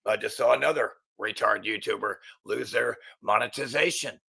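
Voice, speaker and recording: A man's voice: lowish voice, normal speed, creaky, pushed and bright, breathy edge. A middle-aged man hosting his own channel, ranting angrily in a profane, agitated monologue full of stumbling restarts. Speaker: channel host.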